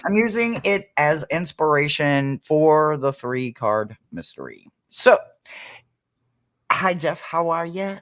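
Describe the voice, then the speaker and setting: A man's voice: a little high, sing-song, takes it slowly, a bit bright. A man hosting a tarot reading live stream, chatting playfully and laughing often as he greets viewers. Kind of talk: casual live-stream chat.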